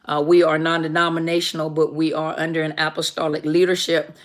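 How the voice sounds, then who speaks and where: A woman's voice: deep voice, level tone, brisk. Chatty woman greeting live viewers. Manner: greets viewers by name, warm and chatty, laughs at herself. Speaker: livestream host and minister. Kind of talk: casual live Q&A chat.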